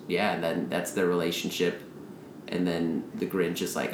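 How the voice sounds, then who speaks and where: A man in casual chat who rambles through a story pitch and acts out the characters' lines in quick asides. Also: level tone, roomy sound, a little hiss or hum.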